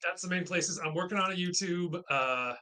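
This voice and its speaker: Low bright-toned laid-back woman guest. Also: normal speed. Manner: laid-back, friendly, casual. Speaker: guest, math content creator. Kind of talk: casual interview chat.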